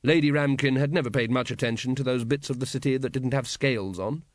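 A man's voice: mid-range voice, fast, no room sound. Male audiobook narrator, dry close sound. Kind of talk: scripted narration.

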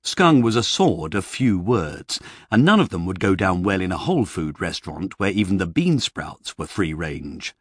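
A man narrating a comic fantasy novel in a wry, measured storytelling manner, recorded close on a studio mic. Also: sits low, very animated, slightly rough, no room sound. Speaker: audiobook narrator. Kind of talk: expressive novel reading.

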